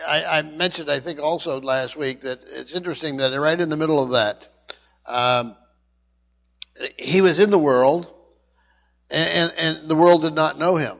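A man preaching a verse-by-verse Bible teaching, stumbling and repeating words, his voice rising loud and then dropping quiet. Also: fairly high pitch, vocal fry, in a large hall, lo-fi sound. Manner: halting, repeats words often, swings between loud and quiet. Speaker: pastor.

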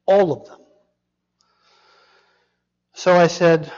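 A man preaching a sermon, asking the congregation questions and dropping to a hushed whisper for emphasis. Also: high-pitched, expressive, slow, slightly rough, long reverb tail, muffled recording. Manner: dramatic, drops to a hushed whisper for emphasis, asks the audience questions.

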